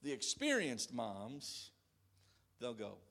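A man in his thirties preaching a sermon to a congregation in a church, animated and shouting out quoted calls. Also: mid-range voice, slow pace, vocal fry. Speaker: pastor.

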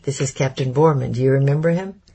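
A man's voice: medium pitch, fast, warm tone, slightly rough. A man voicing an anxious grown woman in a storybook reading, speaking urgently. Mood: polite.

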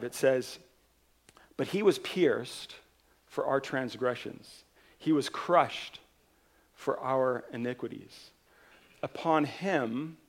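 A man preaching from the pulpit, his voice carrying a rough, gravelly texture. He tells a parable with earnest intensity, swelling and then pulling back quietly. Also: medium pitch. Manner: earnest, retelling a parable with rising and falling intensity. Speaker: pastor. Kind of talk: sermon storytelling.

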